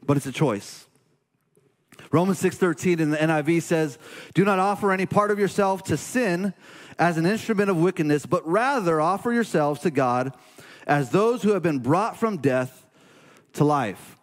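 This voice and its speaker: A man in his forties, a pastor, preaching a sermon in an earnest, halting way that turns emotional and confessional. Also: on the high side, lively intonation, long reverb tail.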